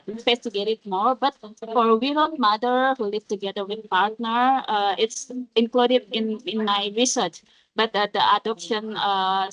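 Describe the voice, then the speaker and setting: A woman's voice: mid-range voice, fairly bright tone, poor audio. A woman researcher answering a question on an online panel over a video call, speaking hesitantly with frequent uhs.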